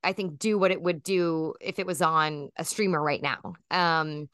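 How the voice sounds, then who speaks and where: A woman's voice: deep voice, moderate pace, a bit bright, no echo, clean studio sound. A woman in her thirties, a guest chatting casually in an interview, rambling with lots of fillers and restarts.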